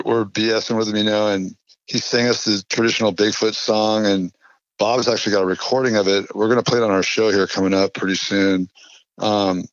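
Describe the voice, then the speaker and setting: A Californian man with a lowish voice appears as a podcast guest, telling a long anecdote in a rambling, filler-heavy manner. The casual storytelling is captured as dull, lo-fi, dry podcast audio with no room sound.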